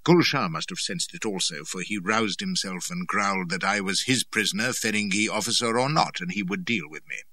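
Guy reading an adventure audiobook, lowish bright voice, really dry studio sound. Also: brisk, few pauses, no room sound. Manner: expressive, dramatic storytelling. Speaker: audiobook narrator. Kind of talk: scripted first-person narration.

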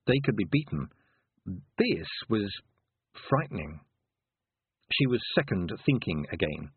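A husky, breathy male narrator reads a story with a lively, rising and falling voice and well-placed dramatic pauses. He sounds dry and close. The sound is squeezed thin, like a phone line. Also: mid-range voice, dry recording. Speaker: audiobook narrator. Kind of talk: scripted narration. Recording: tinny, phone-like narrow sound.

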